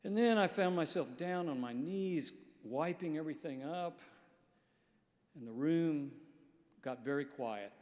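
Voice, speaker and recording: A man's voice: a little high, unhurried, a little mellow. A male pastor preaching a sermon in an earnest, storytelling manner. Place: large church sanctuary. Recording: long church reverb.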